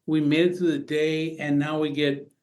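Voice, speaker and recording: A man voicing a sincere, humble man leading a recovery meeting, in a gently excited, earnest way. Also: a little high, normal speed, natural voice.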